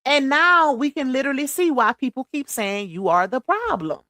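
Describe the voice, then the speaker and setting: A high-voiced woman from Louisiana hosts a casual livestream, her pitch swinging widely as she talks bluntly to her viewers. The sound is close and dry. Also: animated, moderate pace, bright, forceful tone, no echo. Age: adult mother. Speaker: livestream host.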